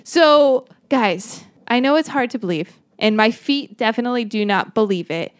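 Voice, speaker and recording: A young woman hosting a casual podcast as game master, playful and upbeat with quick laughs. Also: on the high side, animated, dry recording.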